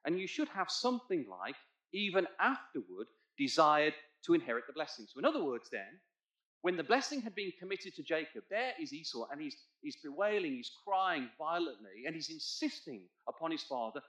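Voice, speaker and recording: In an echoey church hall, a man preaches an expository Bible sermon, asking the congregation to look in their Bibles as he guides them through the text. His voice is on the high side and brisk, with big pitch swings, and it swells loud on key points.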